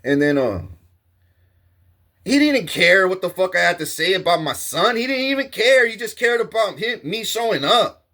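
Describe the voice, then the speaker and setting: A man with a high, expressive, sharp-toned voice tells a heated, profane story about a confrontation in a casual monologue at moderate pace. His streetwise delivery includes acted-out quotes.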